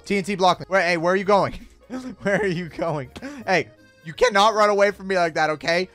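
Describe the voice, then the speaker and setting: A young man hosting a Minecraft let's-play, excitable, gasping and shouting at surprises. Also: high-pitched. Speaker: gaming YouTuber host. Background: faint background music.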